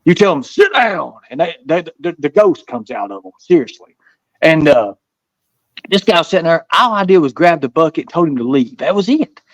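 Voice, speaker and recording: A man's voice: fairly high pitch, very animated, brisk, dry recording, rough recording. A man from the American South with a Southern accent, a guest telling stories in a casual interview, rambling and repeating himself. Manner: rambling, repeats words, acts out voices in stories.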